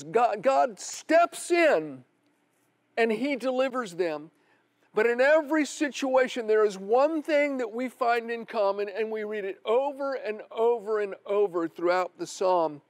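A middle-aged male pastor preaching a sermon earnestly, with slow, emphatic repetition. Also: high-pitched, no room sound. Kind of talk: televised sermon.

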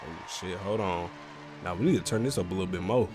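A man's voice: low-pitched, quick pace, music in the background. A man hosting a casual reaction video, talking in a laid-back, rambling, slangy way and sounding a little congested.

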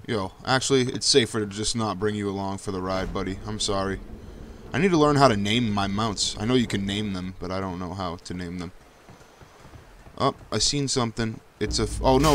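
A young man talks through his game session in a loose, chatty way, cursing freely and jumping to sudden high-pitched yelps whenever trouble hits. His voice sits at a mid pitch, and soft game music runs faintly underneath. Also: normal speed. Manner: excitable, swears often, jumps to high yelps when in danger. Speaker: gameplay commentator. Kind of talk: casual let's-play commentary.

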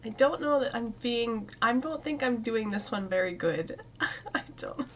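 Slow-talking, chatty woman streamer. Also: fairly high pitch, lively intonation, slight background noise. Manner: chatty, talks to the game's plants, giggly. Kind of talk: casual let's-play commentary.

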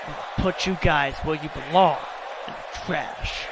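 A man's voice: a little high, unhurried, lightly acted. A man doing a trash-talking godlike wrestler. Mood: threatening. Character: boastful godlike male wrestler. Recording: noisy home recording.

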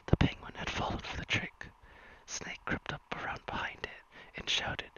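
A streamer reading a silly story aloud in a soft whisper, as whispered role-play. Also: medium pitch, steady tone, moderate pace, rough recording. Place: virtual-world stream.

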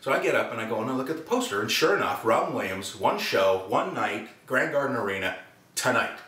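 A man tells an anecdote, his pitch jumping around as he acts out the quotes. The room sounds roomy, and he sits set back from the mic. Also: lively intonation, a little fast, sharp tone, far from the mic. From Canada. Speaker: actor. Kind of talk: anecdotal storytelling.

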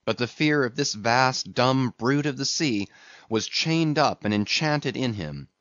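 A man reading a novel aloud as an audiobook narrator, in a dramatic, expressive way, on a dull lo-fi recording. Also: medium pitch, a little slow, dry recording. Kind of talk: scripted narration.

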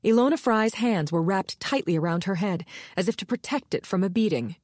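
A woman narrating a thriller audiobook in an even, steady storytelling delivery. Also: medium pitch, a little fast, no echo, clean studio sound. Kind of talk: scripted narration.

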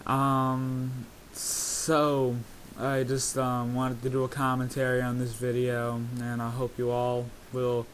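Male video creator, casual self-commentary: monotone, halting, filler-heavy. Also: medium pitch, slight background noise. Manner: rambling, many hesitations and fillers.

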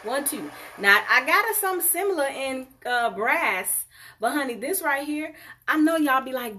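A woman selling jewelry on a live stream, sassy and animated, calling her viewers honey. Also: sits high, moderate pace. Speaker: online jewelry seller.

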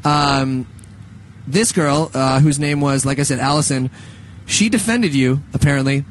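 A man's voice: mid-range voice, a little slow, a little hiss or hum. A young man in his twenties co-hosting a radio show, chatting casually in a rambling, joking way, full of restarts and laughter.

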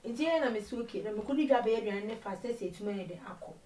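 Woman, interview guest, animated storytelling, mixing two languages, echoey room, distant mic. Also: medium pitch, very fast, slight background noise. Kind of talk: personal life story told in an interview.

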